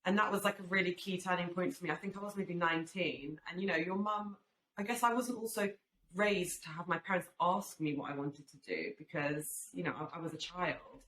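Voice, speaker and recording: A young woman in her twenties, a swimwear brand founder appearing as a guest, talks earnestly about her family and business in a casual podcast chat. Raised in the UK by an Albanian family, she speaks briskly in a fairly low, slightly bright voice, reflective and full of fillers. The room is echoey, with faint background noise.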